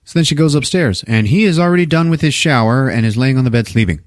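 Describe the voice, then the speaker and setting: A man hosting a podcast, recapping a movie in casual, profane, animated storytelling. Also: medium pitch, fast, no room sound, clean studio sound. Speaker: podcast host.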